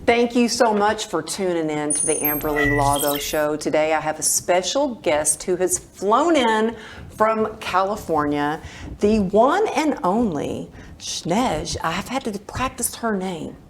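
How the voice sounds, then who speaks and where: A podcast host with a strikingly low voice, effusive and enthusiastic in her introductions and questions. A faint background hiss sits under her speech. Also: expressive, unhurried. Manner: effusive, enthusiastic, emotional reactions. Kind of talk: podcast interview.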